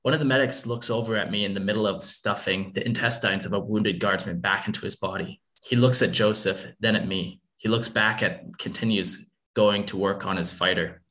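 A man's voice: fairly low pitch, steady tone, brisk, few pauses, a bit bright. A man reading a first-person war story aloud in an earnest, somber way. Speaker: narrator.

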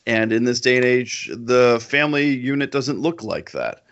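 Bright-voiced man chatting on a lo-fi podcast. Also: medium pitch, normal speed. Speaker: podcast co-host. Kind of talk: casual chat. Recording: dull lo-fi sound.

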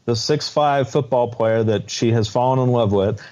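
A man co-hosting a podcast, talking in a halting, restarting way about a reality show episode. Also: mid-range voice, darkish tone. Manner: halting, many restarts and fillers. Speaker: podcast co-host. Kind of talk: casual chat. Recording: dull, muffled audio.

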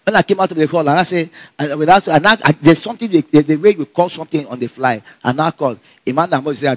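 Guy spinning a story, high voice, dry close sound, laughs a lot. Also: fast, few pauses, no room sound. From Nigeria. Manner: animated, laughs often, acts out dialogue. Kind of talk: casual personal storytelling.

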